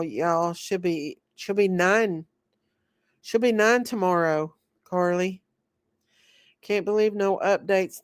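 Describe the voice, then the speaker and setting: A woman hosting a casual livestream while sick and short of breath, greeting viewers by name in slow, drawn-out, sing-song repeats. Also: mid-range voice, a little mellow, clean tone, no echo, studio quality. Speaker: livestream host.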